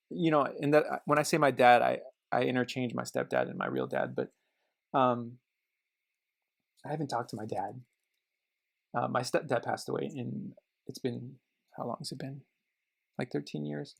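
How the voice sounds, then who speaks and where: Rambling, gravelly middle-aged man. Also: mid-range voice. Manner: rambling, self-interrupting, joking; turns quiet and reflective. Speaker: car vlogger. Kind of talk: casual chat.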